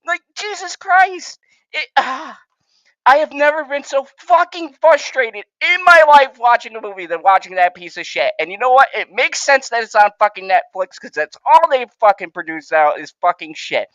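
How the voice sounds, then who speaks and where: A woman's voice: a little high, expressive, moderate pace, hardly any pauses, no echo, dull audio. A woman co-hosting a podcast, ranting hard and swearing through a heated movie complaint, worked up and sweating. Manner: heated, swearing, loud and emphatic. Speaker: podcast co-host. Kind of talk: profane ranting commentary.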